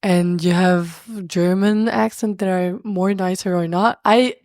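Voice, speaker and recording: A woman's voice: on the low side, steady tone, a little slow, darkish tone, no room sound, studio quality. A young woman with a French accent, a podcast guest chatting casually and animatedly, often laughing and restarting her sentences. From France. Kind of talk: casual conversational interview.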